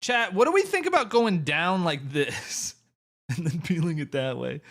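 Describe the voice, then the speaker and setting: A man's voice: on the high side, expressive, moderate pace, a bit bright. A young man streaming live, chatting casually with his viewers in a laid-back way with some mild swearing.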